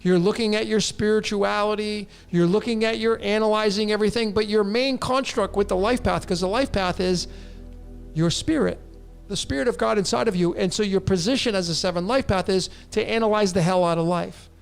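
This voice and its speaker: A man with a high, gravelly voice speaks to his listeners in a blunt, insistent way and presses every point home. He answers viewer questions about numerology in a long monologue. Faint music plays behind him. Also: a little fast. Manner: blunt, emphatic, addresses listeners directly.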